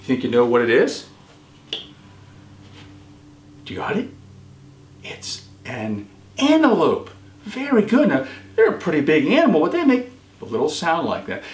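A man hosting a children's show, quizzing young viewers and praising each answer warmly. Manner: encouraging, praises often, pitch jumps on answers. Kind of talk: quiz for children. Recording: echoey room.

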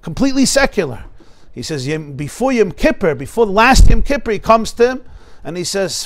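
High-voiced man teaching a lively class. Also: brisk. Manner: animated storytelling, acts out dialogue; explains Hebrew terms with rhetorical questions. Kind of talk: Torah class lecture. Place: study hall in front of a live class.

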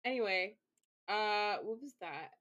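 A woman streaming live, talking slowly in an unhurried, rambling way. She mutters to herself with plenty of fillers and casual swearing, at an ordinary pitch. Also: fairly bright tone, dull audio. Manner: rambling self-talk with frequent swearing and fillers.

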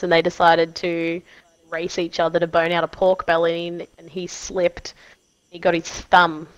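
A woman's voice: lowish voice, no room sound, rough recording. A woman chatting casually and telling stories to a streamer.

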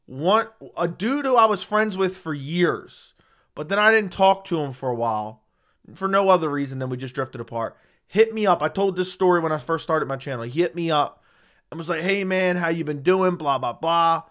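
Ranting on his MMA livestream through a studio dynamic mic, a man speaks high and animated at a normal speed, with a somewhat bright tone. He's heated and emphatic, swearing throughout.

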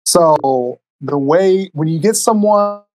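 A man with a fairly high, slightly mellow voice speaks slowly but with animation, guesting on a podcast and rambling through stories in a laid-back way while swearing freely. He's recorded on a cheap USB microphone, so the audio is low quality, though there's no echo.

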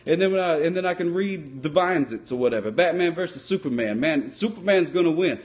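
A dim, cheerful sock puppet cop, voiced by a man, rambles through improvised comedy in a folksy, deadpan drawl. He mangles his words as he goes. His voice sits a bit high for a man. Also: brisk. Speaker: sock puppet comedian answering live chat.

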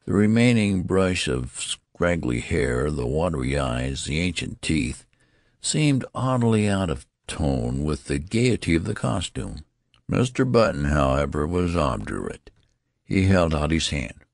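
A man reading an audiobook aloud in a slow, measured way, giving the dialogue lively voices. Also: a bass voice, gravelly, dry recording, clean studio sound. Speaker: audiobook narrator. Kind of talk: scripted audiobook narration.

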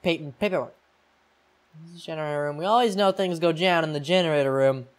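A man's voice: a little high, fast talker. Young man muttering gameplay commentary. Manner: rambling, self-mocking, muttering. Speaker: gaming YouTuber.

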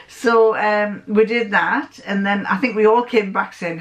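A woman's voice: medium pitch, moderate pace, hardly any pauses, fairly bright tone. An older woman with a Northern English accent chats through a casual sewing vlog. She digresses freely, restarts her sentences, and acts out little remembered exchanges along the way. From north of England. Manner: rambling, digressive, with frequent restarts and acted-out quotes. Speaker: sewing vlogger.

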